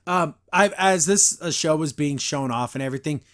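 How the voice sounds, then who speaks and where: Middle-aged guy rambling through a cartoon review, highish voice, lots of ums and likes. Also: fairly bright tone. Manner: rambling, lots of "like" and "uh", quick put-on voices when recapping scenes. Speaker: podcast host reviewing a cartoon. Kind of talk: casual review chat.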